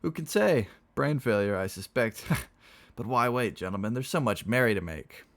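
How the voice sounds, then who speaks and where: A man's voice: medium pitch, lively intonation, normal speed, fairly bright tone, voice pushed up. A man playing Dolt, a boisterous lanky reveler. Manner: theatrical, exclaiming. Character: lanky, boisterous man in puce pajamas, jolly.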